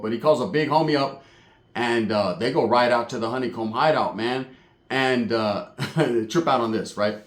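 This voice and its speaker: A man telling a crude comic story in a profane, animated way, mixing in Spanish words. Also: mid-range voice, reverberant. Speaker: storyteller host.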